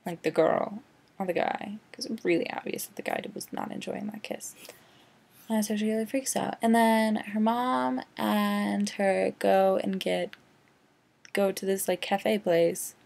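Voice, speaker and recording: A woman's voice: mid-range voice, measured pace, creaky, darkish tone. A young woman vlogging a casual, rambling movie rant, sarcastic and full of "like". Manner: sarcastic, rambling, heavy use of "like".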